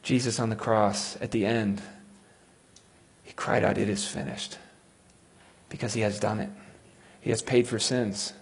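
A man preaching a sermon, quoting scripture with dramatic swings from loud cries to hushed tones. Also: fairly low pitch, little pitch movement, moderate pace, pauses often, husky.

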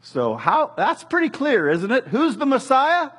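Middle-aged male pastor, husky voice, casual animated preaching with humor. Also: very high voice, a little slow. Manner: conversational, animated preaching with jokes and acted quotes. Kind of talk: sermon.

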